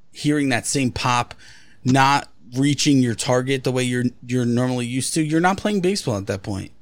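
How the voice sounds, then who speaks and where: A man's voice: mid-range voice, no echo. Male podcast co-host, blunt, profane, ranting, casual chat, dry sound.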